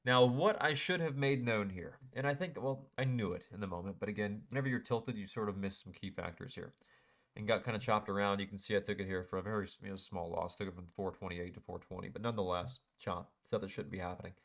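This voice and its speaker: In a fairly low, slightly bright voice, a young man who day-trades quickly recaps his session over a chart on screen-share, casual in tone but self-critical and frustrated about where he went wrong.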